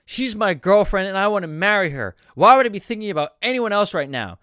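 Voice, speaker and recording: A man's voice: high voice, lively intonation, brisk, a bit bright, clean tone, no echo, clean studio sound. A man voicing a flustered young man who just proposed, answering defensively with a raised voice while reading a screenplay aloud.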